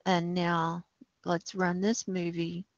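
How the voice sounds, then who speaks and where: A woman hosts a livestream, talking slowly and with rising alarm as she points out data on a map. The sound is dry and a little dull, with no room around it. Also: lowish voice, completely flat delivery, dry recording. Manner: alarmed, ranting, talks over a map. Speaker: livestream host. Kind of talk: livestream commentary on data maps.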